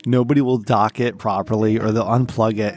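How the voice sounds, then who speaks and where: A man's voice: fairly low pitch, fairly even intonation, brisk, a little mellow. A man co-hosting a casual podcast, ranting with heavy swearing. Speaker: podcast co-host. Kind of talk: casual profane podcast banter.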